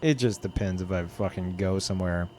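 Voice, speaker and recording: A man's voice: low-pitched, a little fast, a little mellow, slight background noise. A man from Louisiana chatting casually on a live stream, rambling and swearing, with many restarts.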